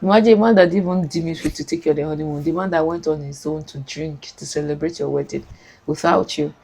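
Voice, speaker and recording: A woman's voice: deep voice, steady tone, quick pace, creaky, warm tone, a little hiss or hum, low-quality recording. A woman hosting the show, commenting on a clip with emphatic, incredulous remarks. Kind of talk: reaction commentary.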